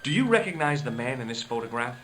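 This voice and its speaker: An actor playing a wry young adventurer posing as a doctor, asking questions and narrating in a dry tone. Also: male voice, mid-range voice, big pitch swings, quick pace, fairly bright tone, a little hiss or hum. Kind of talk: video game voice acting.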